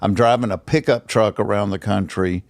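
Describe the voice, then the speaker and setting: A middle-aged man with a Georgia Southern accent, telling stories as a comedian guest in a casual chat, animated and jumping up in pitch when he acts out quotes. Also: normal speed, gravelly, no room sound, studio quality.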